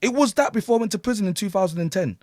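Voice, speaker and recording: A middle-aged man, a podcast guest, telling a story loudly, swearing, acting out the people he quotes and laughing often. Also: high-pitched, expressive, very fast, no room sound, clean studio sound. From England. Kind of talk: animated storytelling.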